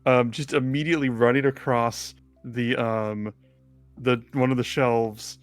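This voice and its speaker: A man narrating as game master of a tabletop game, relaxed with frequent ums. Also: mid-range voice, unhurried, faint music behind.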